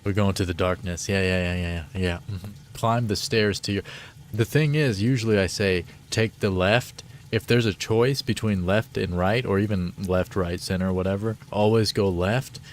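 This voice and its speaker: A man streaming a game live, reading the dialogue aloud and chatting in a playful, excitable way. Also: low-pitched, moderate pace, a little hiss or hum.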